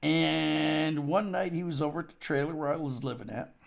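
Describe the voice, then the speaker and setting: A man's voice: a little high, fairly even intonation, moderate pace, gravelly. A grieving man telling a casual, profane anecdote at a tribute, full of fillers and asides. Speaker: storyteller at a tribute. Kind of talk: rambling spoken anecdote.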